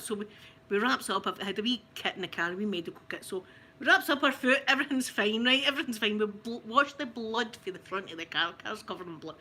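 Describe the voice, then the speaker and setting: Scottish woman, high bright voice, swoops up and down, chatty anecdote, laughs a lot. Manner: animated, laughs often, dialect grammar. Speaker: ASMR channel host telling a family story. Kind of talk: casual storytelling.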